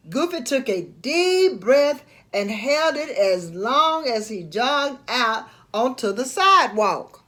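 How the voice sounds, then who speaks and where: Storyteller: woman reading a storybook aloud, high, lively, slow. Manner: expressive, slow read-aloud.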